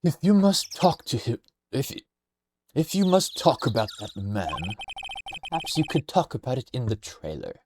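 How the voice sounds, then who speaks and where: A man voicing an aloof, cold middle-aged woman, slow, detached and dismissive, over a noisy home stream mic. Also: medium pitch, huge pitch swings, pitched above the performer's own voice.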